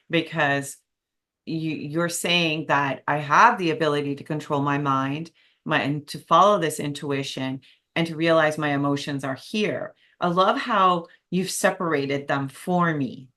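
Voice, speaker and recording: A woman's voice: sits low, measured pace, sharp tone. A woman hosting a podcast interview, candid and enthusiastic, laughing easily as she talks. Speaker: podcast host. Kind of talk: casual interview chat.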